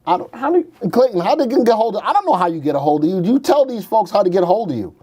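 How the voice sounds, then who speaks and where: A man's voice: high-pitched, big pitch swings, very fast, mellow, breathy edge. A man hosting a stock market show, talking casually through charts and cracking jokes with his co-host. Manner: wisecracking, slips into silly put-on voices.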